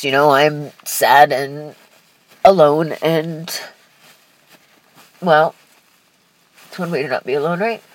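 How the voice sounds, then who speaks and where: A young woman telling a personal life story candidly, in a halting, emotional way with restarts and sighs. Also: sits low, low-quality recording.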